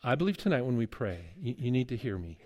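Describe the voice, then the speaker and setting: In a sermon, a middle-aged man who teaches at a seminary and is preaching as a guest shares a lively, joking story while chuckling. His voice is mid-range and his pace quick.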